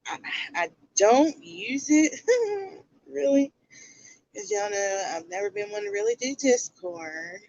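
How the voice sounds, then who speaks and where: A woman's voice: medium pitch, animated, takes it slowly, pauses often, a little mellow, dull audio. Blunt woman on a livestream. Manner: blunt, rhetorical questions to viewers. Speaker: livestream commentary host. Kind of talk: casual livestream commentary.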